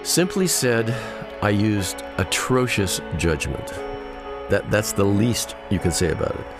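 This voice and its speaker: An older man speaking candidly and deliberately over a phone call. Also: on the low side, sing-song, over music.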